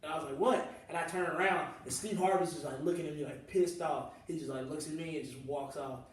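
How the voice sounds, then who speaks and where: A young comedian from the Southern US spins casual stories in loose slang, laughing as he goes. His voice sits a little high and rings out in an echoey room, heard from some distance away. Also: steady tone, quick pace. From Southern US, New Orleans. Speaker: comedian host.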